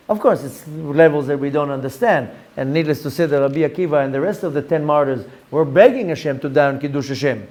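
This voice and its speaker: A middle-aged man, teaching a Torah lesson as a rabbi, telling stories in an animated way and acting out the voices he quotes. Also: fairly high pitch, fairly quick, few pauses. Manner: animated storyteller, acts out quoted voices, mixes Hebrew terms.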